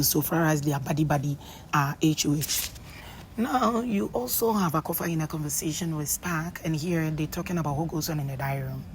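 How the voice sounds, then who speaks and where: A woman's voice: sits low, a little mellow, slight background noise, low-quality recording. A woman casually recapping a reality show, chatty and full of ums and pidgin asides.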